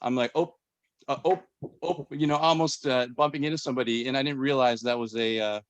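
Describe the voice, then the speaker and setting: Man, 40s, from Minnesota; podcast host, chatty and halting, mid pitch, dry. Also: fairly even intonation, clean tone, dry recording. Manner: rambling, many restarts. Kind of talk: casual chat.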